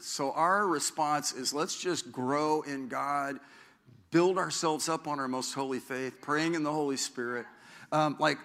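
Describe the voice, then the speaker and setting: Middle-aged male pastor, conversational sermon, rambly and self-deprecating, voice a touch high and forceful. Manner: rambling, self-deprecating, with asides and frequent restarts.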